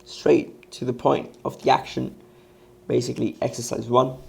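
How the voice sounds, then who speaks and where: Guy teaching english grammar online, a bit raspy, asks questions then answers them himself. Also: medium pitch, little pitch movement, moderate pace, a little mellow. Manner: explains step by step with rhetorical questions.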